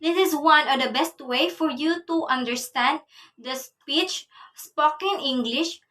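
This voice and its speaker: A young woman giving a class report, reading from her notes in a measured way. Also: sits high, pushed and bright, recorded from a distance. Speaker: student presenter.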